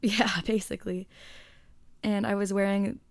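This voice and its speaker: Young woman, podcast co-host, gravelly voice, dry close sound, chatty and profane. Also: mid-range voice, level tone, a little slow, no echo. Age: young adult. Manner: chatty storyteller, swears, says "like" often. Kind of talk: casual chat.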